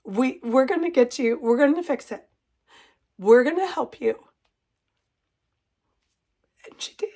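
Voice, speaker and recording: A woman's voice: high voice, expressive, normal speed, mellow. A middle-aged woman who runs a cross-stitch shop, chatting casually to her viewers in an emotional, gushing way and holding back tears. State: tearful, composing herself. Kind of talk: casual chat to camera.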